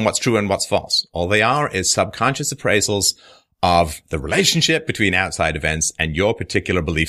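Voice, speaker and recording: Animated, forceful mocking male host. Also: mid-range voice. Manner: mocking, sarcastic, laughs through his points. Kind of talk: monologue commentary responding to a viewer comment.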